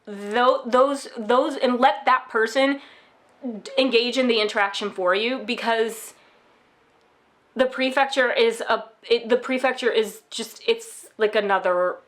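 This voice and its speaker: A woman's voice: on the high side, unhurried, fairly bright tone. A young American woman giving candid, casual advice in a chatty vlog monologue, full of fillers. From United States. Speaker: vlogger.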